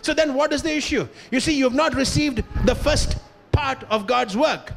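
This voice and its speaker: A man's voice: extremely high pitch, moderate pace, creaky, slight background noise. A man from India preaching a sermon in a church, passionate and emphatic, often putting questions to the congregation. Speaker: pastor. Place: church hall.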